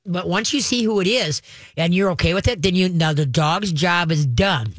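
A woman hosting a call-in pet radio show, telling stories and giving dog training advice in an animated, chatty way. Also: on the low side, normal speed, no room sound. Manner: animated, chatty storytelling with acted-out voices.

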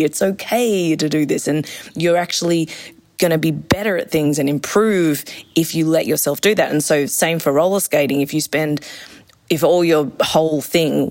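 A woman, an enthusiastic roller skating instructor chatting in an interview and acting out quotes as she talks. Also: sits low. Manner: enthusiastic, acts out quotes in shifting voices. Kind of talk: casual interview chat.

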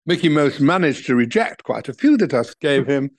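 A man's voice: medium pitch, animated, normal speed. An older man from England, a talent manager, recalling his career in an interview with chuckling, anecdotal asides. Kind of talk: reminiscing interview answers.

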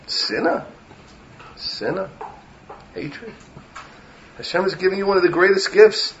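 Rabbi for a short Torah talk: a man with a fairly high voice who gets impassioned and builds to emphatic peaks, on a slightly dull recording. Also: unhurried, vocal fry, pauses often, a bit bright. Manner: impassioned, rising to emphatic peaks, mixing Hebrew and Yiddish terms. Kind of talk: Torah lecture.

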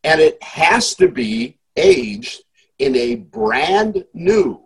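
A man putting on a slow gravelly rule-proclaiming voice. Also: fairly high pitch, sing-song, voice pushed up, exaggerated voice. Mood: mock-solemn. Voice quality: gravelly, husky, drawn-out.

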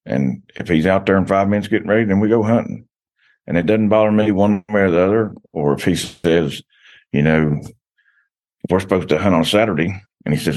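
A man's voice: sits low, normal speed, pauses often, a little mellow. A man telling long rambling stories as a podcast guest, full of restarts and "you know.". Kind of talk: casual podcast chat.

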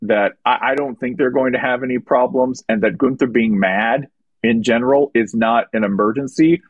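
The American motorsport podcast host chats and jokes casually while working through listener questions. His medium-pitched voice moves at normal speed, and the lo-fi recording has no echo.

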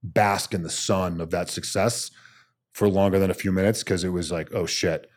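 A man's voice: deep voice, moderate pace. A man in his thirties, a soldier being interviewed, telling stories bluntly and acting out the quotes. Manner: animated storyteller who acts out quotes, blunt and salty. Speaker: podcast guest, Army special forces soldier. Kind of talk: storytelling in a casual interview.

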